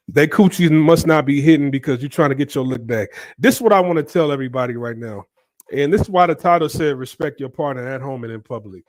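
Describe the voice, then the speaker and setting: A man's voice: on the high side, no echo. Stammering man lecturing on relationships. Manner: stammering restarts, lecturing, rhetorical questions. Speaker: reaction commentary host. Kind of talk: casual commentary.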